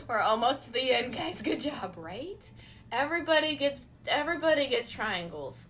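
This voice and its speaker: Giggly high-voiced woman streamer. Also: a little slow. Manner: giggly, excitable, frequently laughing. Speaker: live streamer. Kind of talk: casual live-stream chat while beading.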